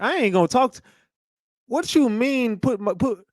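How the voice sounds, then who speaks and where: A blunt man riffs in loose, slangy commentary, tossing in "fam" and "bro" at every turn. His voice sits a little high for a man. The sound is dry and close, with no room around it. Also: normal speed, a little mellow, no room sound. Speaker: host reacting to clips. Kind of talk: casual commentary.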